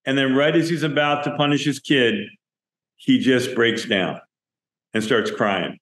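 A man's voice: medium pitch, unhurried. A man, a film director, telling stories from a film set in an interview, acting out the dialogue as he goes. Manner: animated storyteller, acts out quoted dialogue. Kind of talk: interview storytelling. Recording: roomy echo.

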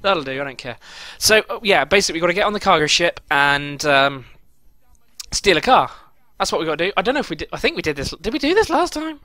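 A man's voice: fairly high pitch, big pitch swings, fast talker, pushed and bright, dry recording. A young man commentating his own gameplay, swearing often and boiling over in frustrated outbursts. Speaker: gaming YouTuber.

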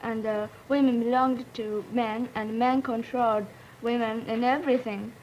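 A woman's voice: on the high side, steady tone, normal speed, a little mellow, dull audio, slight background noise. A young woman from Japan with a Japanese accent, speaking English hesitantly and searching for words. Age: late teens. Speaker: exchange student panelist.

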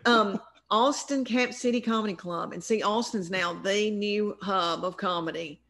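A woman's voice: medium pitch, a little slow, a bit bright. Chatty Southern woman telling stories. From American South. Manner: chatty, rambling, self-deprecating. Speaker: comedian guest. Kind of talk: casual storytelling interview.

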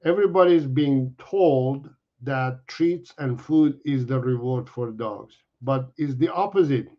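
A man's voice: medium pitch, unhurried. A middle-aged man, a dog trainer, explaining to viewers in an earnest way, repeating himself and restarting his sentences. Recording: dull lo-fi audio.

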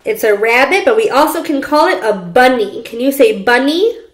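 Slow sing-song woman teacher for small kids. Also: sits high, lively intonation, roomy sound. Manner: slow, sing-song, repeats sounds for children. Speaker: pre-K teacher. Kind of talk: children's phonics lesson. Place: at home.

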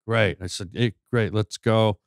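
Animated man spinning a story, dry sound. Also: fairly low pitch, unhurried, no room sound. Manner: animated storyteller with stammered restarts. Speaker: podcast guest. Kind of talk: storytelling in casual chat.

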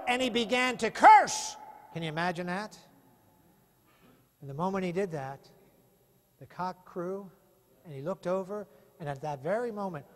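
A man's voice: sits high, normal speed, pauses often. A male pastor preaching an impassioned sermon full of rhetorical questions in a church sanctuary. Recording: long reverb of a church hall.

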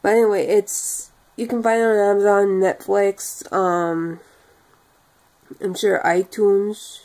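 Tired, creaky-voiced woman vlogger. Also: mid-range voice, slow. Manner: monotone, many fillers. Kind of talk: casual vlog sign-off.

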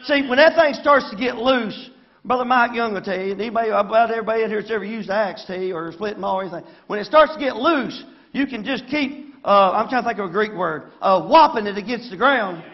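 A Southern-accented pastor from Arkansas, his voice sitting high and a little fast, delivers a folksy sermon in a church sanctuary. He often asks the congregation for an amen, and the audio is dull.

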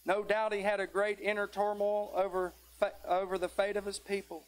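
A man's voice: high-pitched, monotone, normal speed. A middle-aged man, preaching a folksy sermon that builds into fervent exhortation. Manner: tired near the end.

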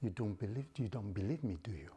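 A man voicing a cold, menacing male angel of death who speaks low and slow. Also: mellow, a little hiss or hum, natural voice.

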